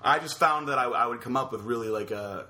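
A man co-hosting a podcast, telling a story in a rambling, halting way with many fillers. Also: mid-range voice, sharp tone. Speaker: podcast co-host. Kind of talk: casual storytelling chat.

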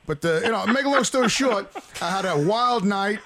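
A man's voice: high-pitched, expressive, normal speed, a crowd in the background. A middle-aged man in an audience chatting casually, telling a crude story in a rambling way. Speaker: audience member. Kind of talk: casual chat.

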